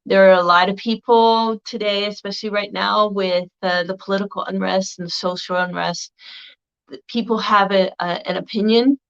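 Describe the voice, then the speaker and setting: A woman's voice: medium pitch, steady tone, moderate pace, gravelly, smooth. A woman vlogger recording a casual video response, rambling along with a slightly crackly voice. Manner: rambling, meandering delivery. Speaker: video blogger. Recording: dull lo-fi recording.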